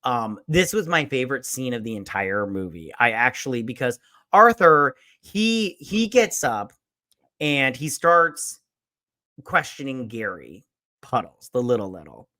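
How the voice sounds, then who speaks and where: Bright-voiced man ranting a casual movie review. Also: very animated, measured pace. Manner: rambling and profane, full of "like" and "or whatnot"; acts out lines with sudden jumps in pitch and loudness.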